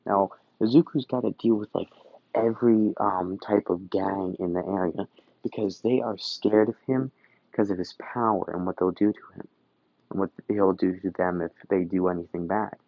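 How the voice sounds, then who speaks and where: A man's voice: sits low, fairly even intonation, moderate pace, dry recording. A man casually retelling a fan story, rambling with lots of fillers and restarts. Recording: dull, dry recording.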